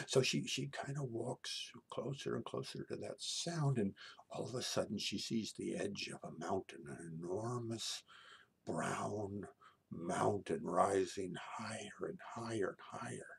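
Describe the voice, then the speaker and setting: A man telling a homey story in a low, gravelly voice with a husky edge. He talks casually, full of little restarts and "you knows," and often sinks into a breathy, hushed whisper for suspense. The delivery is relaxed and conversational, like someone recounting a game with a child. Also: normal speed. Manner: conversational, many hushed whispered passages and fillers. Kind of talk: told family story.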